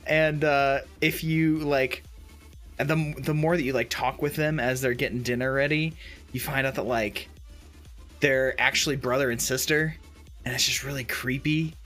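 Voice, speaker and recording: A man chatting casually on a podcast, rambling through a story with restarts and fillers. He leans into it with laughter and mimics people in squeaky voices. Faint music plays underneath. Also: moderate pace. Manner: animated storyteller, acts out characters in high put-on voices, laughs often. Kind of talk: casual chat about video games.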